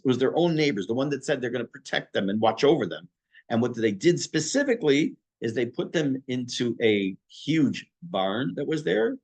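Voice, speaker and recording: A middle-aged man, a rabbi, teaching a history class in a conversational way, pausing for asides to his listeners. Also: lowish voice, slightly rough. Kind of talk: informal history lecture.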